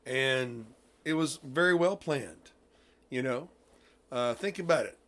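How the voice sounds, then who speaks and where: A man hosting a casual interview, talking emphatically and excitably and laughing often. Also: mid-range voice, takes it slowly. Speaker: host.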